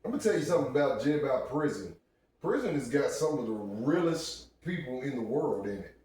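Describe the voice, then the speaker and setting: A man on a podcast, telling a story in casual chat and giving advice to young listeners in a relaxed way. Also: medium pitch, brisk. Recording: echoey room, distant mic, faint noise.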